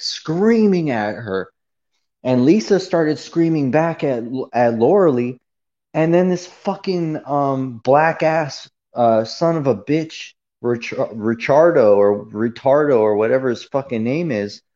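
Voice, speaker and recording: A man tells a long story on a livestream in a heated, profane, meandering rant, full of fillers and asides. His voice sits in a middle pitch. The recording is dull and lo-fi. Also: warm tone. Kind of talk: casual ranting monologue.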